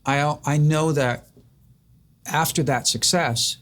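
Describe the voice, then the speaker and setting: A man's voice: fairly high pitch, steady tone, slow, fairly bright tone. An older man hosting an interview, asking long reflective questions that he builds up with stories of his own. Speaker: host. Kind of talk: interview conversation.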